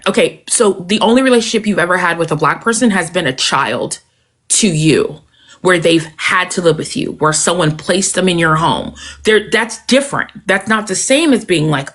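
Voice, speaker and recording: Tired, passionate woman guest; emphatic, pitch leaps up when urging. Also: sing-song, moderate pace, a bit bright. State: tired and emotional. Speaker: guest, maternal health advocate. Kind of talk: impassioned talk-show conversation.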